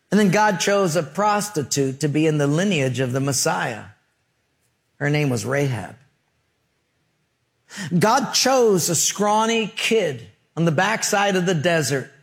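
A man preaching a sermon as a pastor, telling stories in an emphatic, conversational way. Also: on the high side.

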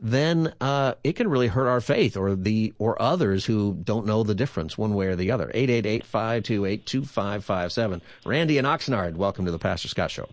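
A man hosting a call-in radio show as a pastor, talking in a relaxed, conversational way and repeating the phone number. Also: on the low side, a little fast, few pauses, no room sound.

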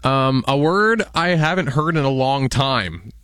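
A man's voice: medium pitch, lively intonation, a little slow, a bit bright, clean tone, no echo, studio quality. A man co-hosting a podcast, chatting casually in an easygoing way. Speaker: podcast co-host. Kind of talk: casual chat.

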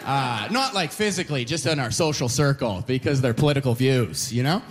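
A man from Alberta, Canada doing a stand-up comedy set, chatty and animated, often slipping into voices of other people. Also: medium pitch, fairly quick. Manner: animated, conversational, lots of "you know", mimics voices.

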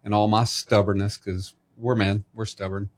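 A man with a lowish voice that stays fairly flat, hosting a relaxed conversation. He talks earnestly and sincerely about faith and family. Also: moderate pace. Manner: earnest, faith-centered reflection. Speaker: host. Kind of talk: casual chat.

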